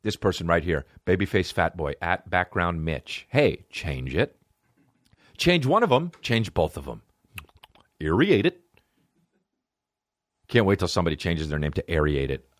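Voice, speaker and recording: A man hosting a comedy podcast, ranting profanely and swinging between excited highs and low mutters. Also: normal speed, long pauses, dry recording, studio quality. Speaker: podcast host. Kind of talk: solo comedy podcast rant.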